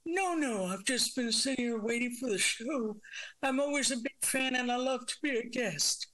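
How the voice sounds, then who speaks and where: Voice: mid-range voice, moderate pace, a bit bright, lightly acted. A performer voicing a coy mystery guest who claims to be a psychic, in a muffled, distorted-sounding voice of unclear sex that dodges every question. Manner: evasive, coy answers.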